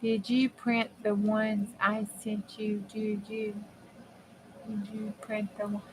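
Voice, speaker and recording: A woman's voice: medium pitch, monotone, takes it slowly, background noise. A woman hosting a crafting video, chatting in a folksy, homespun way with herself and her viewers as she works. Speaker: crafting channel host. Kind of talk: casual chat while crafting.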